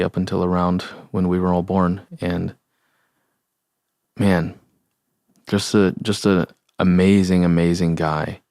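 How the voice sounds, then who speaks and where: A young adult man hosting a podcast, talking in an earnest, heartfelt and halting way. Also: sits low, gravelly, darkish tone, no room sound, studio quality. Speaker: podcast host. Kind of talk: solo reflective podcast talk.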